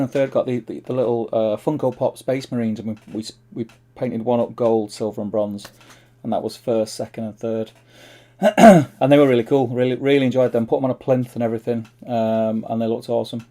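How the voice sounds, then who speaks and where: Gravelly-voiced Mancunian man chatting. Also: medium pitch, dark tone. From Manchester, England. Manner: rambling, reads chat aloud, chummy "mate". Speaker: livestream host. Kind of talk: casual livestream chat.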